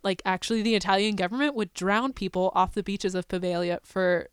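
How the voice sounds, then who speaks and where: A young woman hosts a casual podcast, spinning a haunted-island tale with lots of laughter. Her voice is smooth and resonant, at a middle pitch. The sound is dry and close. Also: brisk, no echo. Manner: giggly, animated storyteller. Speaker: podcast co-host. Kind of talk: casual storytelling chat.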